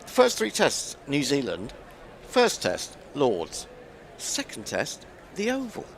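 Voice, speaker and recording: A man's voice: medium pitch, wildly swooping pitch, slow pace, a little hiss or hum. A man doing ball-by-ball cricket commentary, chatting and musing aloud as he calls the play.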